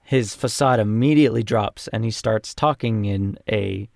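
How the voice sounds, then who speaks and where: A man's voice: on the low side, moderate pace, vocal fry, darkish tone, no room sound, studio quality. A young man co-hosting a casual podcast, recapping a tabletop campaign in a rambling way with many fillers. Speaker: podcast co-host and player.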